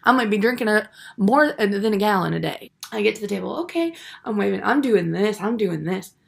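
A man's voice: high voice, animated, fairly quick, gravelly, a bit bright, heavily acted. A man playing a vain, self-absorbed young woman in a comedy monologue, rambling and self-pitying with garbled grammar. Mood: oblivious, aggrieved.

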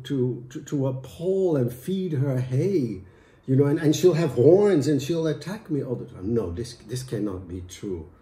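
Storyteller as agitated stammering husband, raised voice, echoey room. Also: male voice, on the high side, gravelly, warm tone, voice pushed up, exaggerated voice. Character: hot-tempered frightened middle-aged male husband.

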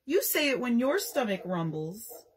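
A woman's voice: fairly high pitch, big pitch swings, measured pace, slight background noise, pitched above the performer's own voice. A woman voicing a small boy in a storybook, childish and easily offended. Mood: sobbing. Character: small boy, indignant then tearful.

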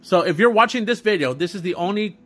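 A young man chatting unscripted to his camera, his bright, forward voice sitting a little high for a man. He rambles along, stumbling over restarts and fillers, and faint music plays underneath. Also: expressive, quick pace. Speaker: YouTuber doing an unboxing video. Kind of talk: unscripted casual vlog talk.

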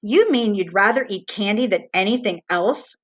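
A woman's voice: medium pitch, expressive, normal speed, natural voice. A woman voicing a stern middle-aged father who reasons firmly with his son. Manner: firm, reasoning, lecturing.

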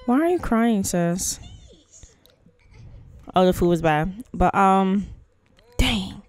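Woman host, casual gameplay chatter, playful and slangy; smooth voice, dry close mic. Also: medium pitch, slow, darkish tone, no room sound. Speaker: gaming channel host.

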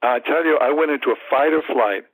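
A man in his seventies, a martial arts teacher, telling stories in an animated way in a podcast interview. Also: mid-range voice, brisk, breathy edge, no echo, rough recording. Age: 70s. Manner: animated storyteller, acts out quoted thoughts, repeats words.

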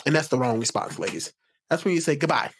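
A man's voice: medium pitch, very animated, fast talker, slightly rough. A man streaming live reaction commentary on text messages, blunt and profane, speaking straight to his audience.

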